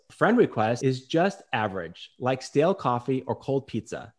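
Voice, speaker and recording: A man hosting a casual podcast chat, reading movie reviews aloud in a deadpan, jokey way. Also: medium pitch, normal speed.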